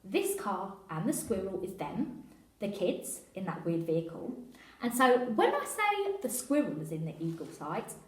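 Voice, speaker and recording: A woman's voice: medium pitch, big pitch swings, normal speed, roomy sound, lightly acted. A woman doing an earnest male police constable. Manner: formal radio-code talk.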